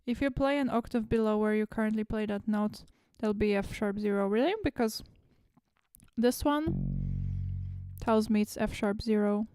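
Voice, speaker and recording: A woman music producer thinking aloud as she works, musing and correcting herself, with soft asides. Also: medium pitch, normal speed, clean tone, dry recording, clean studio sound. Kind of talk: casual think-aloud commentary while producing.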